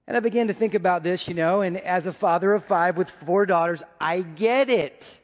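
A man in his forties preaching a sermon as pastor, telling stories and swinging between loud and hushed. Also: high voice, lively intonation, fairly quick, few pauses, in a large hall. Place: church sanctuary.

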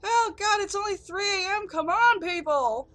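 High-pitched jittery woman swearing at a horror game. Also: animated, moderate pace, a bit bright. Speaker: gaming youtuber.

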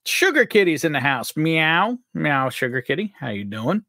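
Lively, upbeat man hosting a livestream. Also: a little high, normal speed, no echo, clean studio sound. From upstate New York. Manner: upbeat, jokey, reads out chat names. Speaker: livestream host. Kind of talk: live chat greetings on a whiskey stream.

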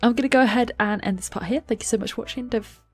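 A woman's voice: a little high, racing. A woman hosting a let's play, chatting through the game and gasping and giggling at the drama. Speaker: gaming channel host. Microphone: desktop USB microphone.

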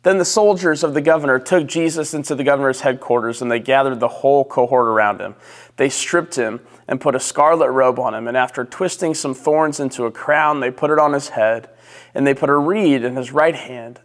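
A male pastor slowly reading scripture and leading prayer in a measured, solemn way. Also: medium pitch, long reverb tail. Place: church sanctuary.

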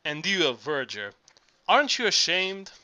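A mocking village constable, voiced by a man reading, teasing in a bright, forceful voice set a little high. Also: big pitch swings, normal speed, exaggerated voice.

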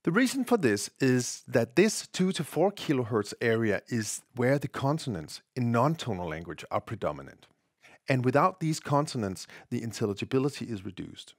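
A man's voice: medium pitch, sing-song, moderate pace, no room sound. This is a man in the middle of his range, delivering a scripted technical lesson. His intonation rises and falls a lot as he stresses each point with care. The sound is dry and close, with no room around it. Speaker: audio tutorial presenter.

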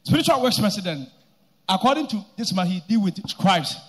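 A man's voice: sits high, animated, slightly rough. Emphatic man announcing in church. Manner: slow, emphatic, building to loud declarations. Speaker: church announcer presenting a congregant. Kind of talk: public church testimony narration.

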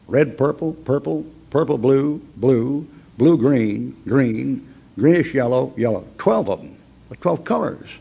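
A man's voice: medium pitch, gravelly, dark tone, breathy edge, lo-fi sound. A man teaching a Bible class in a folksy, emphatic way, with chuckling asides.

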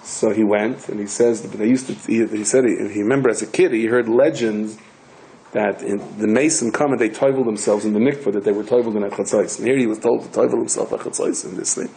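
A man's voice: fairly low pitch, fast, creaky, a little hiss or hum, poor audio. An older man giving a lecture as a rabbi, telling stories with humor and many restarts. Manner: animated, joking storyteller with many restarts. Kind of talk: storytelling Torah lecture.

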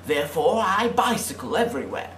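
A young man playing a greedy, contemptuous oil salesman in a student film, pompous and given to furious yelling. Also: a little high, very animated, fairly quick, reverberant, slight background noise. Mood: smug. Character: greedy, cruel male oil salesman who bicycles. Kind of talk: amateur student film acting. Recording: background music under the voice.

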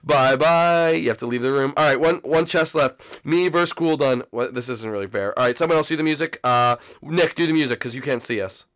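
A man's voice: medium pitch, brisk, hardly any pauses. A man hosting a gameplay channel, chatting casually to viewers and yelping at game moments. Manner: excitable, yelps and shouts at game moments; chatty, talks to viewers as "folks".

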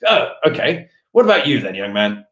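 A man voicing a gruff older male army general who speaks in clipped, terse phrases. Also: medium pitch, sing-song, moderate pace, bright, forceful tone. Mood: friendly. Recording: roomy echoey room.

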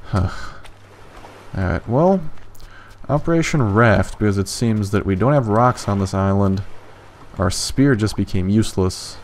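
A young man doing let's play commentary, excitable and swearing often, jumping into high yelps when frustrated. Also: slight background noise. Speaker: gaming YouTuber.

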